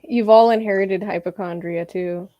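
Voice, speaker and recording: A woman's voice: medium pitch, fairly even intonation, normal speed, lo-fi sound. A woman from the Philippines teasing her co-hosts and laughing easily on a podcast. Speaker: podcast co-host. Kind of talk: casual chat.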